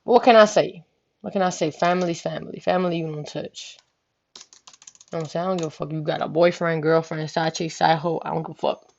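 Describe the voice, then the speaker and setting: A woman's voice: deep voice, steady tone, brisk, vocal fry, lo-fi sound. A young woman vlogger telling a story casually, profane and rambling, often asking "you know what I'm saying". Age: young adult.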